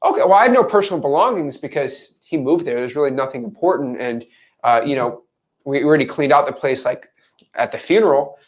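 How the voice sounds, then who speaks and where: A man's voice: mid-range voice, expressive, a little fast, lightly acted. A man voicing a grieving middle-aged woman who is hesitant about selling her late father's house.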